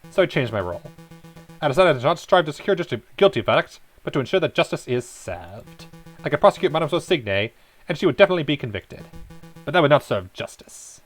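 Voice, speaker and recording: A man voicing a grave, principled male wolf prosecutor in a game, measured and earnest. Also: medium pitch, lightly acted, poor audio.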